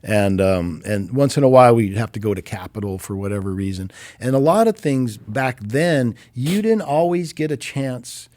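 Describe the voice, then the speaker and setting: Man, 50s, recording engineer, casual anecdotes, mid-pitched voice, dry close sound. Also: normal speed, few pauses, no echo. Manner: animated, acts out quoted voices with big pitch jumps. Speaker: recording engineer, interview guest. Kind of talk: casual storytelling. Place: recording studio.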